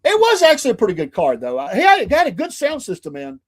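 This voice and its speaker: A man co-hosting a relaxed talk show, his voice sitting a little higher than most men's. He spins long anecdotes and laughs his way through them. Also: fast, a little hiss or hum. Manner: storytelling, laughs often, acts out quoted voices. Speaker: podcast co-host. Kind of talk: casual chat.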